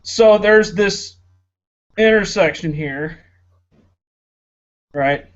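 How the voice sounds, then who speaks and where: A young man talks in loose casual chat, rambling and sarcastic, full of fillers. His voice sits a bit high. The recording is dull and lo-fi, like a home podcast setup. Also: very slow. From Florida, United States. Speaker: podcast co-host.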